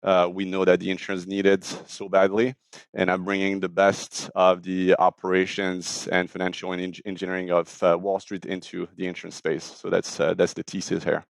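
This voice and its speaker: A man in his forties with a French accent, explaining his startup in an interview with frequent pauses and fillers. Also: low voice, completely flat delivery, creaky, no room sound. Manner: many fillers and restarts, explanatory. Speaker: startup founder, guest. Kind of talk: casual interview talk.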